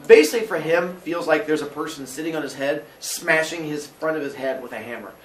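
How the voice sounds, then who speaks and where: A man's voice: a little high, brisk, distant mic, slight background noise. A man casually and playfully retelling a myth, joking as he goes. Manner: playful, jokey, animated. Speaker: host and storyteller, father. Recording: roomy, off-mic.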